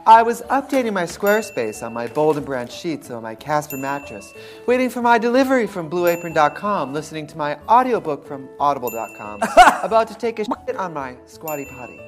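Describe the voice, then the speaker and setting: A man's voice: a little high, sing-song, brisk, faint music behind. A man trading campy comedic banter as co-host. He keeps calling people "honey" and laughs often.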